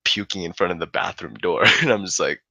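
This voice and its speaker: A young adult man telling a story in casual chat, animated and laughing, swearing freely. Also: low-pitched, fairly quick, vocal fry, dry recording.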